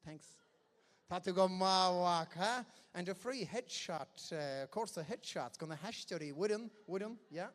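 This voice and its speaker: A lively man with an Irish accent, his voice sitting high, calls out raffle prizes on a stage mic. He jokes with the crowd and switches between Irish and English. His voice rings through a big echoing hall. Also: unhurried. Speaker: event host running a raffle. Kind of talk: bilingual stage announcing. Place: large indoor hall. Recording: echoey hall on a PA.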